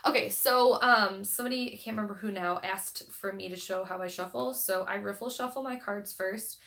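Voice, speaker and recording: A woman's voice: medium pitch, fairly quick, vocal fry, fairly bright tone. A woman hosting a spiritual live stream, chatting casually with viewers in a rambling, think-aloud way and reading passages aloud.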